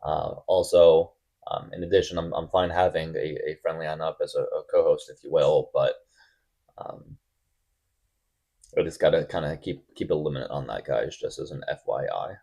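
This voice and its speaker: A man hosting a live stream debate, blunt and testy, quick to cut callers off. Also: very deep voice, vocal fry, warm tone.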